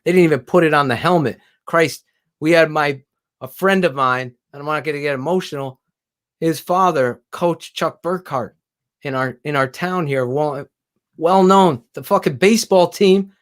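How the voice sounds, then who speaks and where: A man co-hosting a casual sports talk stream, excitable and profane, his voice climbing as he gets heated. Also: a little high, normal speed. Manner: excitable, swearing, voice rising when heated. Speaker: co-host.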